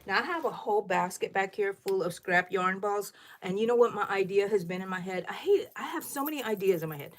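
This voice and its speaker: A middle-aged woman, chatting loudly and thinking out loud while she crochets on a livestream, asking her viewers questions. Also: medium pitch, fast, few pauses. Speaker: livestream host. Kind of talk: casual crochet livestream chat.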